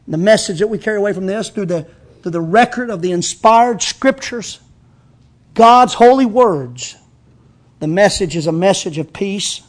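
A man with a notably high speaking voice delivers an impassioned sermon. He reads scripture slowly for weight, then climbs loud and excited before sinking to a quiet, earnest tone. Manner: fervent preaching, swelling loud on key phrases then dropping low; reads scripture aloud, slowing for emphasis. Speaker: pastor.

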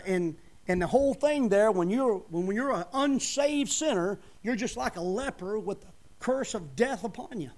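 Male preacher, high-pitched, fervent sermon cadence with loud emphatic peaks.

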